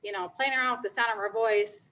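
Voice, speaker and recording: A woman's voice: fairly high pitch, steady tone, fast talker, pushed and bright, rough recording. A woman band teacher politely asking a guest expert questions for her students.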